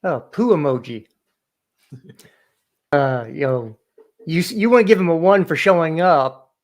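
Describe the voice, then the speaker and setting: Blunt man with a higher voice. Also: animated, a little slow. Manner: blunt and exasperated, stumbles on his words. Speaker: panel guest. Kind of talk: casual fan chat.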